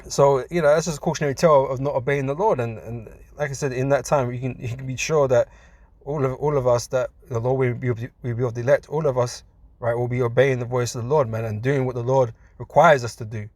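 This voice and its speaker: Male preacher, mid-pitched, loose street-talk delivery, laughs between points, dry sound. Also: fairly even intonation, quick pace, a little mellow, no room sound. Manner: casual, says "man" a lot, laughs between points. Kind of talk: scripture teaching.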